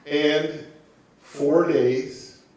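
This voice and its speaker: A man in his sixties giving a calm, reflective personal testimony as a guest speaker in a church. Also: on the high side, very slow. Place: church sanctuary. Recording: very echoey room, mic at a distance.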